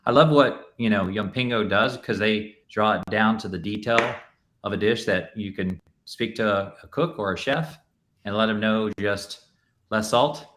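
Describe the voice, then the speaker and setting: A man with a low voice speaks on an industry panel. He talks in a loose conversational way, leaning on filler words as he thinks aloud. His delivery is relaxed and practical. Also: normal speed, slight background noise. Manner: conversational, frequent "you know" fillers. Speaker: panelist, restaurant tech executive. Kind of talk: panel discussion.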